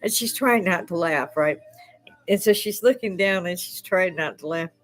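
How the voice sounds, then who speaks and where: A woman's voice: on the low side, normal speed. Profane older woman, rambling livestream rant. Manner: profane, laughs often. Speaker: livestream host. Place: her own bar.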